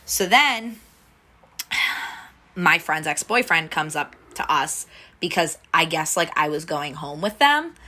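Low-voiced young woman telling a story. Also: expressive, slow pace, pauses often, sharp tone. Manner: rambling, heavy use of "like" fillers, restarts. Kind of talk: casual storytelling chat.

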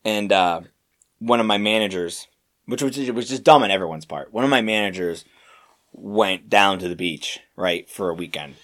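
A young man co-hosting a podcast, telling work stories in a rambling, animated way with lots of fillers and restarts. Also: on the low side, normal speed. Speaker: podcast co-host. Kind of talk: casual storytelling chat.

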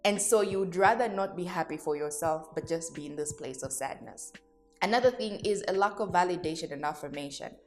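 Candid woman podcaster, lowish voice. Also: fairly quick, soft background music. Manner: candid, laughs at herself, talks to listeners as guys. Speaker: podcast host. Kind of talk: reflective solo podcast talk.

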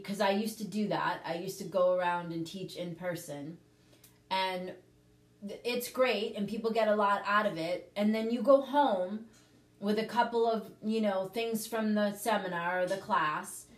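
Earnest woman coaching in a roomy space. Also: medium pitch. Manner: earnest, coaching, repeats points with "okay?". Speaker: host, prosperity teacher. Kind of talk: casual livestream teaching chat.

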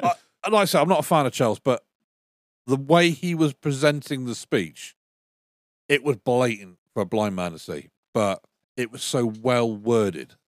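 A man's voice: medium pitch, normal speed, no echo, studio quality. Sweary, ranting man. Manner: sweary, ranting, loses his train of thought. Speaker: podcast co-host. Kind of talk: casual chat.

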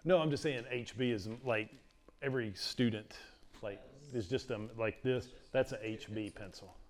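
At a normal speed and in a mid-range voice, a middle-aged man delivers a relaxed, meandering lecture to his class. It's a chatty, story-filled talk, with "like" cropping up all the time.

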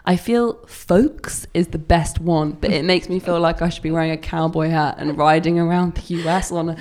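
A woman's voice: fairly low pitch, steady tone, moderate pace, a little mellow. A British woman chatting on a podcast, light and self-mocking. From Britain. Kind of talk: casual chat.

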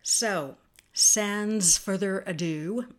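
A woman's voice: medium pitch, drawn-out words. A woman hosting her own podcast in a casual solo monologue, chatty and spelling words out letter by letter. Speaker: podcast host.

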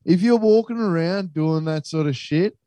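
A man's voice: high voice, moderate pace, warm tone, dry recording. A young Australian man telling a travel story in casual, sweary chat. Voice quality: sweary, laid-back storytelling.

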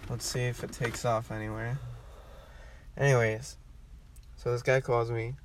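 A man's voice: medium pitch, flat delivery, a little slow. A young man casually telling a story to friends in a car, rambling and swearing, with lots of fillers. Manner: rambling, profane, many fillers. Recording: distant mic, faint background noise.

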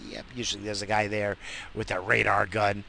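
A man's voice: fairly low pitch, level tone, fairly quick, creaky, pushed and bright, slight background noise, rough recording. A man hosting a solo podcast, rambling in a crude, profane and self-mocking way. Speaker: podcast host.

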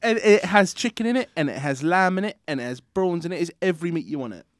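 A man's voice: fairly high pitch, animated, fast talker, dry recording, clean studio sound. A man chatting casually as a podcast guest, rambling and laughing often. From England. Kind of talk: casual chat.

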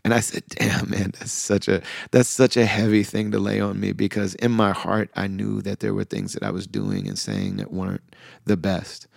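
A middle-aged man with a very low, deeply gravelly voice tells a reflective personal story as a podcast host. He speaks softly and with feeling, slipping into the voices of people he remembers. The sound is dry and close. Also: animated, moderate pace, no echo. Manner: soft-spoken, heartfelt, with frequent fillers and quoted dialogue.

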